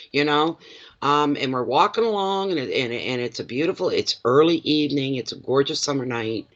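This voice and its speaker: A man's voice: medium pitch, expressive, normal speed, fairly bright tone. Middle-aged man, card reader, casual livestream chat, chatty storyteller, emotional, muffled lo-fi sound.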